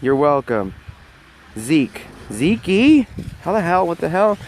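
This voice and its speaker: A New York man chatting to viewers on a live stream, his voice pitched a touch high. He talks into a phone held in his hand while walking around a snowy street outdoors, and he sounds cold. Faint street noise hums behind him. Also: big pitch swings, slow pace, darkish tone. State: cold, freezing. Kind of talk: casual live-stream chat.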